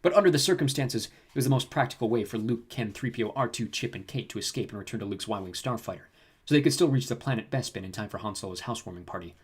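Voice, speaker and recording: A man narrating a sci-fi audiobook in a brisk storytelling manner. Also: fairly low pitch, animated, breathy edge. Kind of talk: scripted narration.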